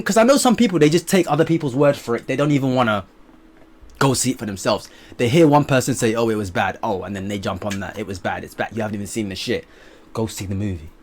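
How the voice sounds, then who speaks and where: Hyped young man gushing to camera. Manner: animated, hyped, swings between loud bursts and low mutters, swears freely. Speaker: movie reviewer. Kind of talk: excited casual movie review to camera.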